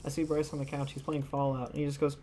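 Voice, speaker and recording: A woman's voice: a bass voice, little pitch movement, fast, mellow. A young woman chatting and telling jokey stories while streaming a building game, swearing freely. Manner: joking, swearing, storytelling. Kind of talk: casual live-stream chat. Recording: keyboard typing noise.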